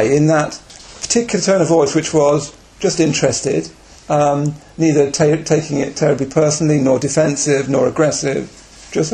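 Reflective man in his forties, gravelly edge, self-deprecating retreat storyteller. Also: a little high, fairly even intonation, moderate pace, hardly any pauses, darkish tone. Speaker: Buddhist speaker on retreat. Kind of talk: personal anecdote talk.

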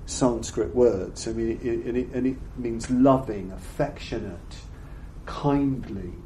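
An older man gives a reflective dharma talk to a gathered audience, speaking at a mid pitch. His delivery is halting and thoughtful, with frequent repeated words as he feels for the right phrasing. The room adds a roomy echo, and there is a faint background hiss. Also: dark tone. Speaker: Buddhist teacher giving a talk.

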